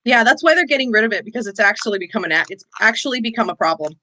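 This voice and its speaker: A woman in her twenties chats as a stream guest, with dry, sarcastic asides. Her voice is bright and a little high. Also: animated, very fast, poor audio. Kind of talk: casual livestream chat.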